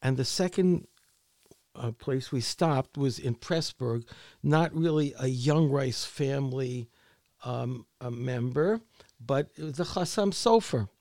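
A man, an author being interviewed, telling his story in a halting way with many repeated words. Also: mid-range voice, darkish tone, no echo, clean studio sound. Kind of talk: conversational interview.

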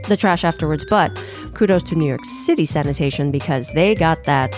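A woman's voice: deep voice, darkish tone, faint music behind. A woman co-hosting a podcast, upbeat and leading the segments. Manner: upbeat, leads segments, quick reactions. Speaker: podcast co-host. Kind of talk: casual chat.

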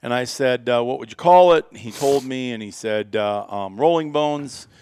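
A man's voice: mid-range voice, moderate pace, a little mellow, clean tone. A middle-aged American man, a company founder, telling a long story in a casual interview, rambling with many fillers and restarts.

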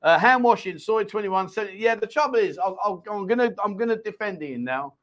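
A man's voice: sits high, lively intonation, fairly bright tone. A man hosting a live chat show, reading out viewer comments with teasing, jokey banter. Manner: jokey, teasing, quick laughs. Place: Pattaya, Thailand.

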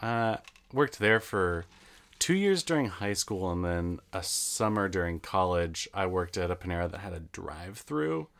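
A man chatting casually, telling stories from his old jobs in a lively way, swearing now and then. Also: low voice, normal speed, creaky. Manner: animated storytelling, swears, acts out customers. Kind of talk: casual chat.

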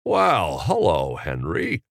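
Man doing a folksy film-star drawl, hesitant, animated pitch, dry close recording. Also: slow pace, vocal fry, dry recording, exaggerated voice. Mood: genial. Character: Jimmy Stewart impression, folksy stammering middle-aged man.

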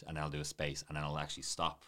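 A man's voice: a bass voice, completely flat delivery, racing, sharp tone. A man, a martial arts teacher chatting on a podcast in a rambling, self-deprecating way. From Ireland. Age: late 20s. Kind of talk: casual podcast chat.

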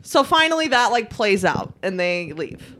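A woman's voice: medium pitch, measured pace. A young woman co-hosting a casual chat, telling a story with lots of swearing and laughter. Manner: animated, swears a lot, laughs often. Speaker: podcast co-host.

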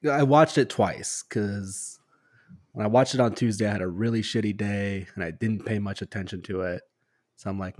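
Podcast guy, lowish voice, kinda hesitant, dry sound. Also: steady tone, normal speed, a little mellow, no echo. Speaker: podcast panelist. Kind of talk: casual chat.

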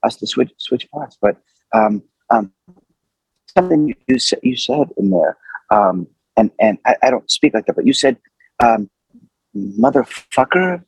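A man's voice: lowish voice, normal speed, darkish tone, breathy edge, no room sound, rough recording. A man voicing a timid, studious young man who stammers and pleads nervously. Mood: nervous pleading.

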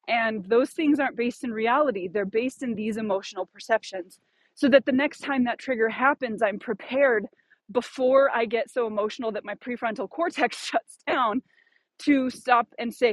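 A woman's voice: fairly high pitch, moderate pace, no echo. A woman hosting a podcast in casual chat, thoughtful and searching, with plenty of fillers and restarts. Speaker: podcast host.

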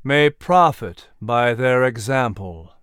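A man voicing a defiant colonial orator, speaking slowly in a firm, resolute voice. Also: medium pitch, lively intonation, dry recording, clean studio sound.

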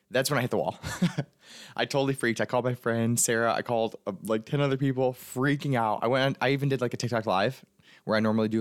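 A man's voice: on the low side, no room sound, clean studio sound. A man, a life coach, telling a personal story in a casual, chatty way, full of fillers and retold inner thoughts. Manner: fast, chatty, filler-heavy, animated retelling.

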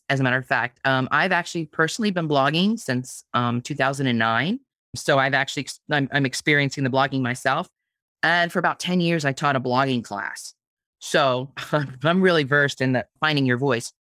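A woman's voice: very deep voice, a bit bright, dry recording, clean studio sound. A woman guest on a podcast interview, talking casually about her craft, with frequent restarts and repeated words. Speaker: guest, blogging teacher.

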